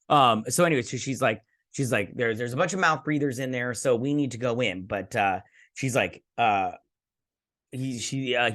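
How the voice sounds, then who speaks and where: A man's voice: mid-range voice, a bit bright. A young man from Michigan casually recapping a TV episode, rambling and acting out characters' lines as he goes. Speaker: host.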